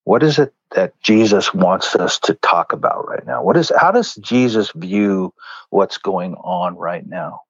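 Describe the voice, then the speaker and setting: Speaking earnestly and conversationally as a guest in a faith interview, this man tells stories and performs the lines others spoke. He has a low, slightly rough voice with lively intonation and a measured pace, recorded without room sound and with the highs cut off.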